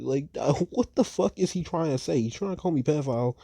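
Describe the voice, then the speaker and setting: A man's voice: a little high, a little fast, hardly any pauses, mellow, no room sound. A seventeen-year-old young man ranting in heated, profane commentary, leaning on "like" and "bro" as he complains about an online argument. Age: teens. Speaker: vlogger.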